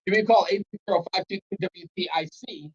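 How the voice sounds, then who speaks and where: A middle-aged man hosting a call-in talk radio show, chatty and quick to laugh as he banters with callers. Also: high voice, steady tone, husky, muffled recording. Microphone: studio broadcast mic.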